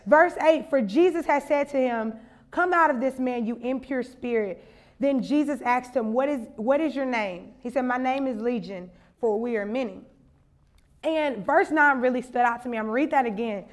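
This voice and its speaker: High-voiced young woman preaching a sermon. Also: normal speed. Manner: conversational, humorous, building to impassioned exhortation. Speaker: conference speaker.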